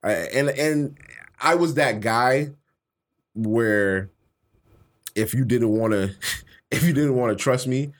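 A man's voice: medium pitch, takes it slowly, long pauses. A man co-hosting a podcast in casual chat, loose and joking, laughing often and swearing freely. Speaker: podcast co-host.

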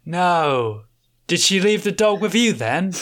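A woman voicing a gruff pub bartender, blunt and dismissive. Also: on the low side, big pitch swings, takes it slowly. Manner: blunt, repeatedly says mate.

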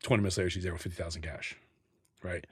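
Husky-voiced man telling blunt, profane stories. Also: low voice, racing. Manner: profane, blunt, animated storyteller acting out scenes. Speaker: interview guest. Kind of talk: candid storytelling in a sit-down interview.

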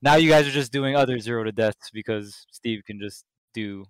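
A man's voice: medium pitch, moderate pace, clean tone, no room sound, poor audio. A man co-hosting a casual gaming podcast, teasing and wry. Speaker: podcast co-host. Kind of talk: casual chat.

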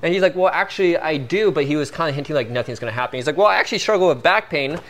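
A man as a guest, telling a story in a casual, animated way full of "like" and fillers. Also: a little high, rapid-fire. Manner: animated, filler-heavy, peppered with "like".

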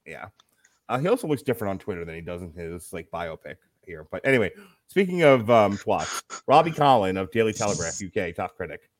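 A man's voice: deep voice, sing-song, a little fast, no room sound, clean studio sound. A man hosting a casual movie review podcast, reading critics' quotes aloud with a wry, laughing manner. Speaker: podcast host.

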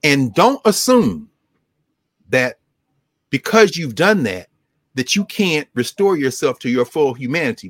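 A man's voice: mid-range voice, measured pace, pauses often, no room sound. A man speaking as a scholar and co-host in an impassioned, lecture-style talk, rhythmic and emphatic, often repeating his points. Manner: animated, rhythmic, emphatic repetition.

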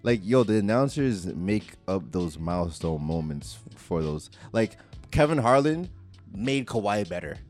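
A male podcast host in casual sports chat, animated and quick to laugh. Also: sits low, soft background music.

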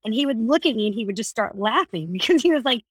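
A woman speaks in a relaxed podcast chat, her voice swinging between soft, low moments and lively, laughing bursts. The sound is close and dry, with no room around it. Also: quick pace, slightly rough, no echo. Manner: animated storyteller, laughs often. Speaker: podcast guest. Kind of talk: casual conversation.

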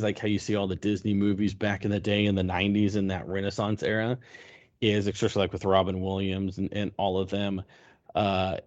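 A man's voice: lowish voice, a little mellow. A man co-hosting a casual podcast chat, rambling with many fillers and restarts. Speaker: podcast co-host. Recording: dull lo-fi sound.

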